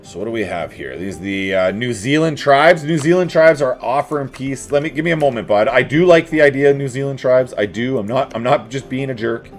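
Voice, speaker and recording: Lively man narrating a strategy game. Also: medium pitch, brisk, hardly any pauses, soft background music. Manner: chatty, talks to his armies and enemies, playful asides. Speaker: let's play host. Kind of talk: casual strategy game commentary.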